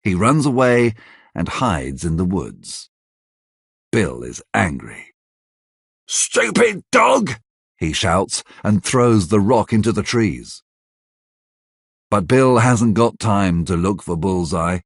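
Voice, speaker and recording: Slow, husky-voiced male storyteller. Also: deep voice, animated, dry recording, clean studio sound. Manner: slow and clear, for language learners. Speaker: narrator. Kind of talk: scripted narration of a graded reader.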